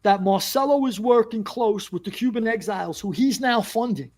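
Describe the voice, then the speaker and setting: A man's voice: high voice, normal speed, a little mellow. A man with a New York accent, a former mobster guest telling stories in a casual interview and acting out the dialogue he quotes.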